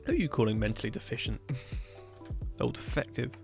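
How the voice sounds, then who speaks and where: A man streaming a building game, chatting casually and rambling with dark jokes. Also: medium pitch, huge pitch swings, brisk, gravelly, faint music behind. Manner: rambling, joking, darkly humorous. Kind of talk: casual chat while gaming.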